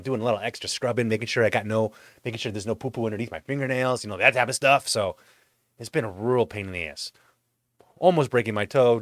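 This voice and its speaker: A man's voice: on the low side, no echo, clean studio sound. Exasperated, foul-mouthed man ranting. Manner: profane ranting; exasperated, animated storytelling. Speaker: vlog host. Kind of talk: comedic monologue. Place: home.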